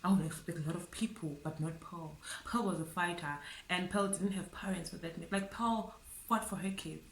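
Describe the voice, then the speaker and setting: A South African woman talks straight to camera, her slightly low voice halting and tearful as she circles back over her words. She fills the gaps with "like" and "guys", and the room around her rings with echo. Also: a little hiss or hum. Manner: tearful, halting, repeats herself, fillers like "like" and "guys". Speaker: vlogger. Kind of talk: emotional storytelling to camera.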